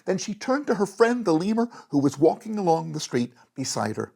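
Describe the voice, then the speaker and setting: A storyteller reading a bedtime story aloud in a gentle, animated way, with a gravelly, breathy voice. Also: medium pitch, a little fast.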